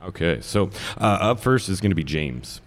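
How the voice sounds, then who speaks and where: A man narrating as dungeon master for a live tabletop game, relaxed and chuckling with fillers. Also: deep voice, moderate pace.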